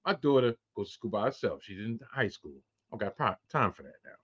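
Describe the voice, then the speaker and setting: A man's voice: on the low side, very animated, fast talker, fairly bright tone, slightly rough. A man in his forties hosting a solo podcast, ranting with a lot of profanity. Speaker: podcast host. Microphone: close to webcam. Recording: dull lo-fi sound.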